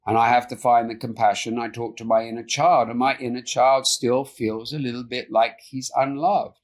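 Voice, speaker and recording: A man speaking as a podcast guest in an earnest, soft-spoken way, often trailing off and restarting, recorded over a remote call. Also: mid-range voice, steady tone, normal speed. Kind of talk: reflective interview talk.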